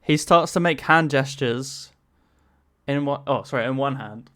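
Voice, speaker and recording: A man's voice: mid-range voice, unhurried, a bit bright. A man narrating a tabletop game as game master, casual, laughing often and swearing.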